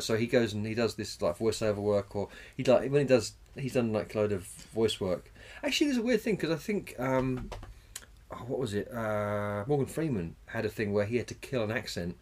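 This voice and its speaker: Man, podcast co-host, casual chat, husky voice, rambling, swears a lot. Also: mid-range voice, a little mellow. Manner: rambling, swears freely, searches for names mid-sentence.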